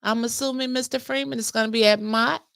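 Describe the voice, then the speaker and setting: Woman co-host, lively sassy delivery, gravelly voice, dry close sound. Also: fairly high pitch, fast, no echo. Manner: sassy, animated, talks back. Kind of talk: casual morning show banter.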